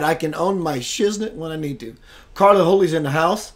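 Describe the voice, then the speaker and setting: Playful guy hosting a spiritual stream, kinda high voice, chatting with viewers. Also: animated, moderate pace. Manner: chatty, playful, laughs often, greets viewers by name. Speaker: host of a spiritual web radio show. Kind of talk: casual livestream chat.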